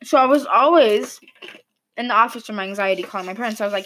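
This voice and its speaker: A woman's voice: mid-range voice, fast, a bit bright, slight background noise. A young woman hosting her new podcast, telling a personal story in a chatty, rambling way, full of likes and ums. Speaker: podcast host. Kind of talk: casual storytelling monologue.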